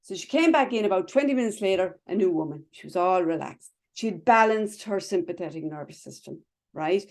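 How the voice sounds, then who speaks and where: A woman's voice: on the low side, lively intonation, fairly quick, creaky, a little mellow. A woman teaching a class over a video call, chatty, explaining with everyday images and checking in with "right?" and "okay?" after nearly every phrase. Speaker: wellness instructor.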